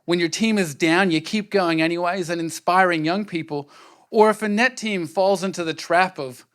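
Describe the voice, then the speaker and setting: A man's voice: high voice, moderate pace, a bit bright. An earnest man, giving a conversational conference workshop talk and checking in with the audience. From Australia. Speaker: workshop speaker.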